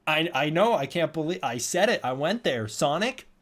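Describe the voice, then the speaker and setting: A man's voice: fairly high pitch, lively intonation, normal speed, fairly bright tone. Rambling young man chatting on livestream. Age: young adult. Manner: rambling, reads and answers chat. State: tired. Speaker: livestream host. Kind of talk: casual livestream chat.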